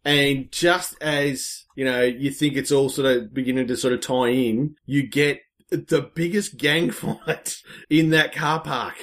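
A man casually retelling a film's plot in a rambling, excitable way, full of fillers and restarts. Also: medium pitch, a little slow. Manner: excitable storytelling. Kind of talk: casual film recap chat.

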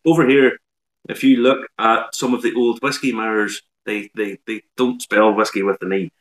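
A man, a whiskey expert on a live online show, explaining in a measured way with dry humour. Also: on the low side, little pitch movement, a bit bright.

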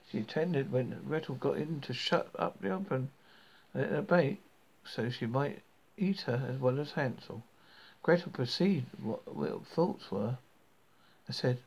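A man reading a fairy tale aloud, halting and often stumbling over words, on a dull lo-fi recording. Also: medium pitch, expressive, husky. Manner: halting, with frequent stumbles and restarts. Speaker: storybook reader.

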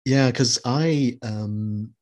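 A man's voice: medium pitch, drawn-out words, a little mellow. A middle-aged man from New Zealand chatting reflectively, with many fillers and restarts. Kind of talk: casual chat.

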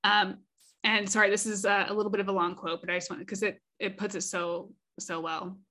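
A woman's voice: mid-range voice, flat delivery, fairly quick, sharp tone. A woman co-hosting a casual podcast discussion, thoughtful and often reading review quotes aloud. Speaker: podcast co-host.

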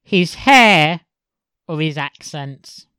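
A man's voice: fairly high pitch, animated, extremely slow, bright, forceful tone, clear, resonant tone, no room sound. A man co-hosting a podcast in casual chat, tossing in dry, teasing questions. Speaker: podcast co-host.

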